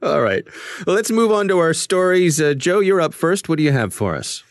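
A man's voice: a little high, sing-song, moderate pace, no room sound, studio quality. Upbeat male podcast host. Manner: upbeat, welcoming presenter. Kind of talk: hosting a podcast conversation.

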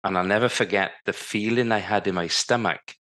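Speaking a little fast in a lowish, fairly bright voice, the podcast guest—a former Paralympic cycling champion in his fifties—relives his story. He dramatizes the words others said to him as he goes.

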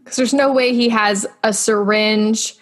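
A woman's voice: fairly high pitch, steady tone, measured pace. A woman co-hosting a podcast, chatting casually and self-deprecatingly about a TV episode, full of questions. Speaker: podcast co-host. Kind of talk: casual chat recapping a TV episode.

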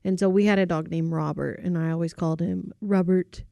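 A woman's voice: lowish voice, fairly even intonation, brisk, gravelly, mellow, no echo. A woman co-hosting a podcast, chatting casually and telling stories with lots of giggles. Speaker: podcast co-host. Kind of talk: casual chat.

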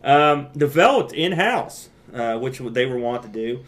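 A man co-hosting a casual podcast chat, joking around and acting out his own past reactions in an animated way. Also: mid-range voice, measured pace. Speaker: podcast co-host. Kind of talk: casual retro gaming chat.

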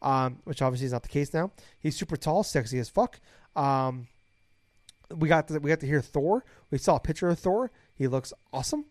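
A young man on a podcast, talking in a fairly high voice, rambling and swearing constantly as his excitement runs away with him. The sound is close and dry, with no room around it. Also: brisk, dry recording. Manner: excitable, profane, rambling, gets loud when hyped. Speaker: podcast host. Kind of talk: casual podcast chat.

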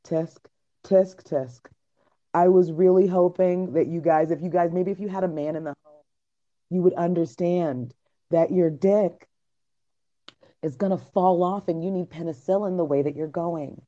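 A woman's voice: lowish voice, steady tone, moderate pace, dark tone, highs cut off. A woman hosting a podcast in casual chat, blunt and profane, laughing often. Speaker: podcast host.

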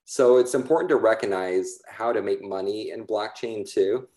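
Low, mellow-voiced asset manager, explaining steadily, echoey room. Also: male voice, moderate pace. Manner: steady explaining with many fillers. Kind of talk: explanatory talk on a call.

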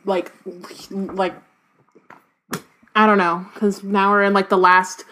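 A woman's voice: mid-range voice, level tone, slow, bright, forceful tone, a little hiss or hum. Woman, casual book-club reader, filler-heavy and slangy. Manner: many fillers and "like", loose slangy asides. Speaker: podcast co-host reading and discussing a book. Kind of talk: casual chat mixed with reading aloud.

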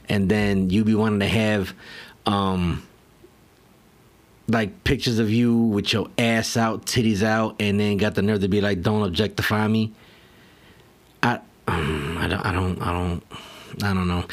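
A man hosting a podcast, ranting casually and profanely, exasperated and rambling with restarts. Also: fairly low pitch. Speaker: podcast host.

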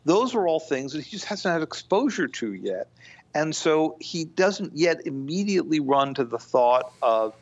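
A man speaking as a guest in a podcast discussion, measured and thoughtful, with frequent "you know" fillers. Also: a little high, big pitch swings, dull audio. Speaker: guest foreign-policy analyst.

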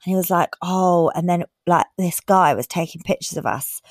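A woman co-hosting a podcast, telling stories and reading listener messages aloud in a lively way, acting out the quotes. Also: lowish voice, normal speed, dry recording. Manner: lively storyteller, acts out quotes. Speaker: podcast co-host.

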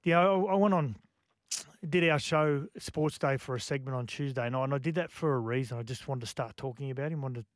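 A man, a radio guest, talking in a halting, reflective way with many restarts. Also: mid-range voice, dry recording, clean studio sound. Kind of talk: casual radio chat.

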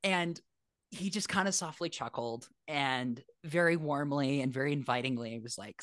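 A man's voice: medium pitch, moderate pace, no room sound, studio quality. A man, an airline pilot, telling his story in a casual interview, frank and self-deprecating and acting out the voices he quotes. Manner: animated, acts out quoted voices.

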